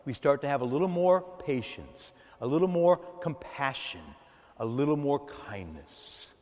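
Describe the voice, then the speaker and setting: A man preaching a sermon to his church, animated, swinging from soft asides to loud outbursts. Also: mid-range voice, moderate pace, big-room sound. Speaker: pastor.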